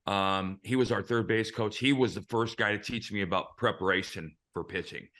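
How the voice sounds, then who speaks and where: A man in his fifties, a host and former pitcher, telling frank, profane stories in casual chat. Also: moderate pace, fairly bright tone. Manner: frank, profane anecdotal storyteller.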